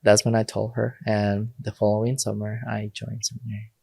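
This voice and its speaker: A man with a lowish voice speaks in a relaxed, conversational way, often breaking into laughter as he tells stories. He is a priest guest on a podcast, and the recording is dry, with no room sound. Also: moderate pace, vocal fry, slightly rough, no room sound. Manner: laughs often while telling stories, acts out quoted lines. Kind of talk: casual conversational storytelling.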